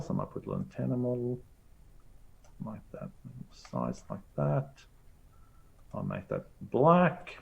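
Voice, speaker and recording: Upbeat man demoing software. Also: lowish voice, gravelly, highs cut off. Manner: upbeat, chatty, thinks aloud while clicking. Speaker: teacher presenter. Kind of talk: live screen-share demo lesson.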